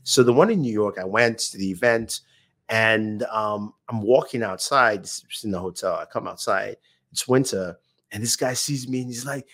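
A man's voice: medium pitch, normal speed, a bit bright. A man, a YouTuber guest, telling anecdotes in casual chat, acting out the voices of people he quotes and laughing often.

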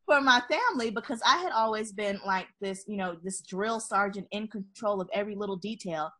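Animated woman telling a story, laughing often. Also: mid-range voice, a little fast. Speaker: guest. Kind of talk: casual conversational storytelling.

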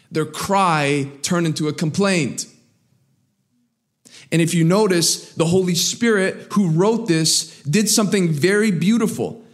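Man preaching with rising, dropping emphasis. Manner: preaching, swinging between raised emphatic lines and low quiet asides. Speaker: pastor. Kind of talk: sermon.

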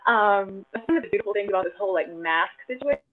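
A woman's voice: medium pitch, animated, quick pace. A woman guest in a casual chat, telling self-deprecating stories with lots of giggling. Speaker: cosplay guest. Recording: tinny phone-like line.

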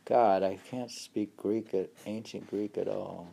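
A man's voice: on the low side, fairly even intonation, measured pace, vocal fry, warm tone, slightly rough. A man reading a philosophy text aloud and chatting, stumbling over Greek names. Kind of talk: reading aloud and casual chat.

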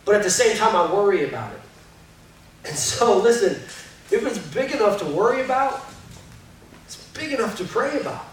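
A pastor gives a loose, candid sermon, joking at his own expense and leaning on fillers. His voice sits fairly high for a man. It reaches the mic from across a very echoey church hall, with a faint noise underneath. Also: animated, moderate pace, pauses often, recorded from a distance. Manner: candid, self-deprecating, chatty with many fillers. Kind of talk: casual conversational sermon. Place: church auditorium.

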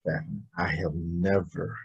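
A man's voice: deep voice, little pitch movement, takes it slowly, slightly rough, muffled recording. A middle-aged man, a motivational speaker, telling his personal story in an interview in an emphatic, earnest way.

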